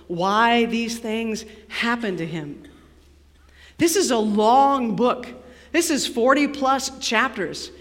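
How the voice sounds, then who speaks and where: A woman pastor preaching a sermon in a church sanctuary, dramatic and dropping to a near hush for emphasis. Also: on the high side, takes it slowly. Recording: long reverb of a large hall.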